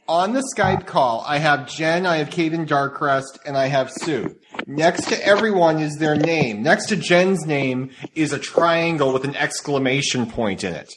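A man's voice: on the high side, measured pace, few pauses, background noise. A man co-hosting a podcast over an online call, teasing and joking with his co-hosts. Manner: teasing, jokey, animated. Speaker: podcast co-host. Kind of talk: casual group chat on a call.

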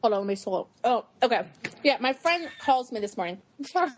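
A woman co-hosting a podcast, telling stories in an animated, chatty way. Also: on the high side, fairly quick. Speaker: podcast co-host. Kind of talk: casual chat.

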